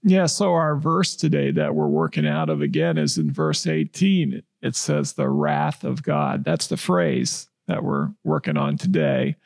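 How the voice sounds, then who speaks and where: Gravelly-voiced man explaining scripture. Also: medium pitch, huge pitch swings, measured pace, hardly any pauses, a little mellow, no echo, clean studio sound. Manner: reads scripture then explains it conversationally. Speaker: podcast co-host. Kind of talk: casual bible discussion.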